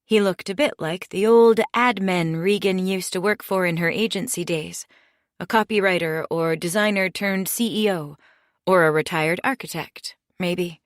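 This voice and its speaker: A woman reading a mystery audiobook in steady, measured scripted narration. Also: fairly low pitch, dry recording, clean studio sound.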